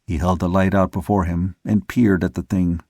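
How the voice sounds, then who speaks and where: Male audiobook narrator, low voice, measured storytelling, dry close sound. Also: level tone, dark tone, dry recording. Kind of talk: scripted narration.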